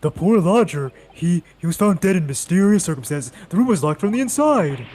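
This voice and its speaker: A man's voice: high voice, animated, fairly quick, darkish tone. A man reading game dialogue aloud, voicing a sour, mopey lodger with a whiny, nasal cartoon voice.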